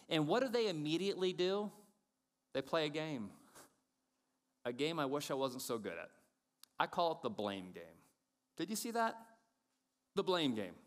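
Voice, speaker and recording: A middle-aged man preaching a sermon, animated and self-mocking, acting out the voices he quotes. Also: a little high. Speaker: pastor.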